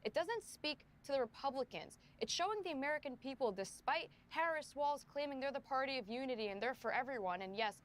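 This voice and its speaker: A woman's voice: sits high, animated, brisk, few pauses. A woman speaking as a political commentator guest in a televised debate, firm and emphatic.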